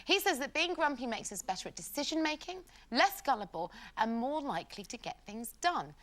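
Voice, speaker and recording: A woman's voice: high voice, very animated, brisk, fairly bright tone. A woman hosting a talk panel, putting questions to her guests. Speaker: host. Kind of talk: casual chat.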